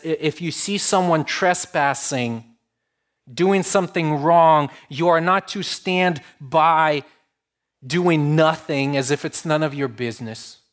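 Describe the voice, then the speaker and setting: A man preaching a sermon to his congregation, earnest and warm in delivery, swinging between emphatic rises and soft, drawn-out lines. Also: medium pitch. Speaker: pastor.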